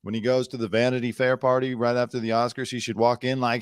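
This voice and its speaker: A man's voice: medium pitch, flat delivery, fast talker, few pauses, clean tone, no echo. A man hosting a comedy news talk show, mocking the stars with a wisecracking edge and the odd put-on voice. His voice sits in a middle register. It is recorded close and dry, with no room sound. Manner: mocking, slips into impressions of celebrities. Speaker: comedy podcast host. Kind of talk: joking commentary on celebrity news.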